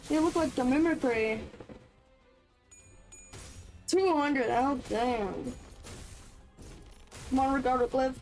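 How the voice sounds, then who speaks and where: A woman's voice: sits high, a little mellow, poor audio. A woman streaming a game in casual commentary, reading the on-screen text aloud between chatty reactions.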